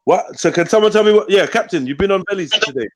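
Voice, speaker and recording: A man's voice: sits high, lively intonation, fast talker, no echo. A man hosting a casual live-stream panel, talking in loose, slangy banter. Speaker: host.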